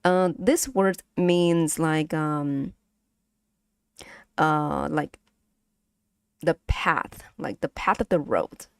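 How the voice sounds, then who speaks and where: Casual streamer, woman, patient lesson delivery, unhurried, dead dry close sound. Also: sits low, vocal fry, clean tone, no echo. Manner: slow, patient, breaks into sung syllables and laughs. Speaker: streamer teaching Vietnamese.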